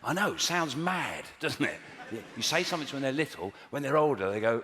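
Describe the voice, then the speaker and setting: A man's voice: medium pitch, very animated, fairly quick, over a noisy crowd. Wry male comedian in an echoey hall. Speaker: stand-up comedian. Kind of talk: stand-up comedy. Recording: echoey theatre with loud noise.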